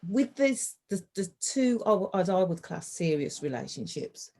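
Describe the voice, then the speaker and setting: A woman's voice: on the low side, big pitch swings, moderate pace, dark tone. A woman in a casual group chat, speaking hesitantly and questioning herself as she answers. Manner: hesitant, self-questioning, laughs easily. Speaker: panel guest.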